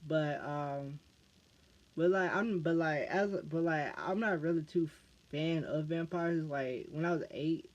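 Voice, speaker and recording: Halting American guy, slightly high voice. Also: a little hiss or hum. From United States. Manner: halting, restarts phrases over and over. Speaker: YouTuber answering fan questions. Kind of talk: casual Q&A vlog. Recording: dull lo-fi recording.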